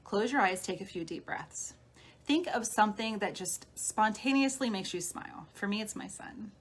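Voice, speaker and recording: A woman healer giving a live-streamed talk, guiding listeners gently through steps like a coach. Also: medium pitch, animated, normal speed. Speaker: spiritual healer. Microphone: phone or webcam on a live stream.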